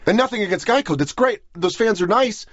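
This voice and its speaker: Young male comic guest, self-deprecating storyteller, lively pitch, slightly dull dry sound. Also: fairly quick, dry recording. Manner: animated, rambling, self-deprecating. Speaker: comedian guest. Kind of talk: casual podcast conversation.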